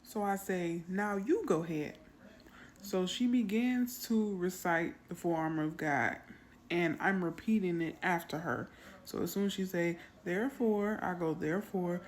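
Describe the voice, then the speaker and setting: Woman telling a faith story to camera, kinda low voice, faint noise behind her. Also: moderate pace. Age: adult mother. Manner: storytelling, animated when quoting her child. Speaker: Christian content creator. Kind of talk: casual testimony to camera.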